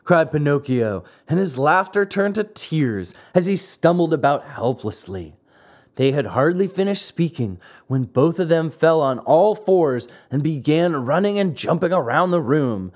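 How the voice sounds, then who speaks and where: A man reading a classic fairy tale aloud, dramatic and expressive. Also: fairly high pitch, unhurried. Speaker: narrator. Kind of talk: storybook reading.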